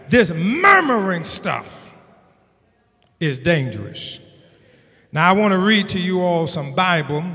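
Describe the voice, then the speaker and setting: A man preaching a sermon as pastor, building to shouted emphasis with a call-and-response cadence. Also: high-pitched. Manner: preaching with rising, shouted emphasis and Southern Black church cadence. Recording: long hall reverb.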